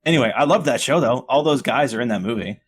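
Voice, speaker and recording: A man in relaxed podcast chat who jokes and swears freely. He tends to trail off mid-thought and repeat himself before landing the point. His voice sits at an ordinary middle pitch for a man. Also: fast, slightly rough. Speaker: podcast co-host. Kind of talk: casual chat.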